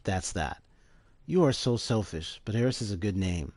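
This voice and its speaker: A man voicing a doting middle-aged male professor in a quick, affectionate, low manner. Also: lively intonation, a little mellow, dry recording.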